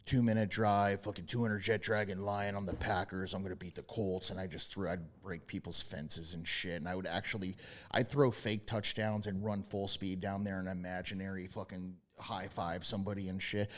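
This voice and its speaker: A young man with a very low, deep voice tells his stories in brash, profane casual chat. Now and then he breaks into loud yelled impressions. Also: fairly even intonation, a little fast. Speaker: podcast guest, former quarterback.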